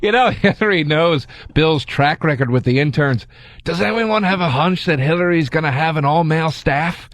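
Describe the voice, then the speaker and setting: A man's voice: a little high, moderate pace, fairly bright tone, no echo. Guy doing a talk show host monologue voice, hammy joke rhythm, dead dry sound. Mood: smug. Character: man doing a late-night host's monologue impression.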